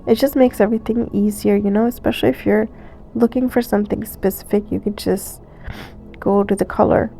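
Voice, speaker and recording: Stuffy-nosed woman, gravelly chatty voice-over. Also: medium pitch, a little fast, faint music behind. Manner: chatty, relaxed, with fillers and small laughs. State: stuffy nose. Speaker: thrift vlogger. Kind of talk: casual voice-over narration. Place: recorded voice-over.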